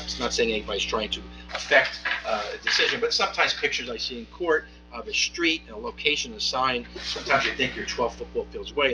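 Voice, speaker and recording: A municipal judge, a man of medium pitch, hands down a ruling from the bench, speaking in a measured way while often pausing, using fillers and restarting his sentences. The recording quality is low.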